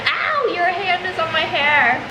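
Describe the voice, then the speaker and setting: A woman's voice: very high voice, a little slow, very noisy. A teenage girl from Texas chatting casually for her vlog at home, giggly and breaking into song now and then. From Texas, USA. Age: teens. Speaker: vlogger. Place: family home.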